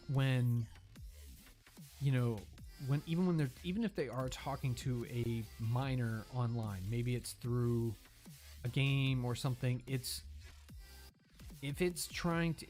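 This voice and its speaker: A man's voice: medium pitch, darkish tone. A man hosting a reaction video, rambling casually with frequent laughs and swearing. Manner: rambling, profane, laughs often. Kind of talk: casual commentary over video clips.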